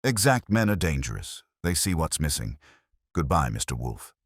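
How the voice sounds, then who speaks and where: A man's voice: very deep voice, big pitch swings, normal speed, husky, no echo, clean studio sound, heavily acted. A man reading a cool, guarded woman. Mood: quiet. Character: cool, guarded woman fugitive on a phone call.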